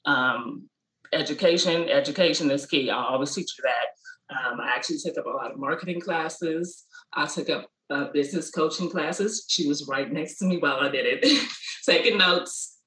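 A woman tells stories from her small business and her life as a mother, acting out quotes in a much higher voice. Her voice is bright and forceful, with an easy casual flow. The sound carries a roomy echo. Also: moderate pace. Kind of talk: casual interview storytelling.

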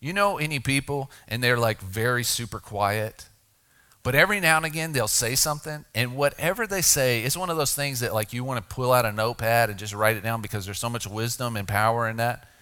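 A middle-aged man preaches a sermon in an easy, conversational way. His voice is bright and forward, and it drops quiet and deliberate when he lands a key point. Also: medium pitch, clean tone. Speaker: pastor.

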